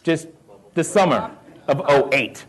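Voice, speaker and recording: A man's voice: medium pitch, lively intonation, a little slow. A middle-aged man with a Southern American accent giving a motivational talk to a live audience, firing questions at them and laughing often. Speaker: real estate investor speaking to a live audience.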